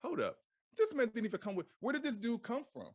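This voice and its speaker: A man gives a loose, slang-laced scripture lesson in a high, lively voice that swoops up and down. He keeps repeating himself and throwing out questions. The sound is close and dry. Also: fast, dry recording. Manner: animated, repeats phrases, asks rhetorical questions; casual slang-laced delivery. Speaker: Bible teacher. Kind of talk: informal scripture teaching.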